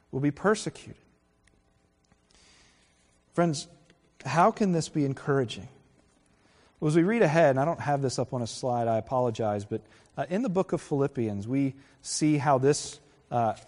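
A middle-aged man, a pastor, preaching in an earnest, conversational way with pauses and self-corrections. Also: mid-range voice, darkish tone. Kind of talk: sermon. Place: church sanctuary. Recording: reverberant hall.

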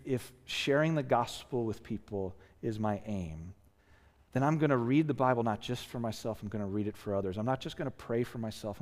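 Tired pastor preaching in a reverberant hall. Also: male voice, mid-range voice, darkish tone. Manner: earnest, rising to emphatic, frequent "right?". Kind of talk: sermon. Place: church sanctuary. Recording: long reverb of a church hall.

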